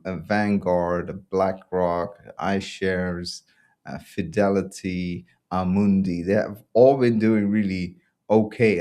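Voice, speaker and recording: A fairly low-pitched man hosts his own show and talks through it in a loose, sarcastic rant. He mocks what he criticises, breaks into laughter again and again, and keeps a casual, off-the-cuff tone. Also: darkish tone. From Belgium. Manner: ranting, sarcastic, laughs often. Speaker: podcast host. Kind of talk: casual opinion commentary.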